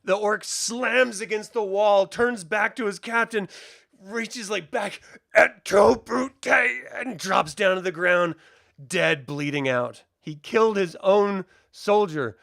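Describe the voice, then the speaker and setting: A man's voice: high voice, slow pace, vocal fry, a bit bright, no echo, clean studio sound. A man narrating a tabletop game as game master, casual and chatty.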